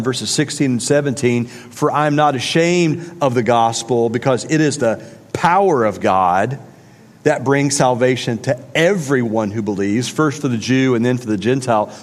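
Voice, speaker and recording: A man delivers a sermon in an easygoing, conversational way, full of fillers and asides to his listeners. His voice sits at a middle pitch. A long reverb from the hall trails each phrase. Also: darkish tone. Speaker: pastor.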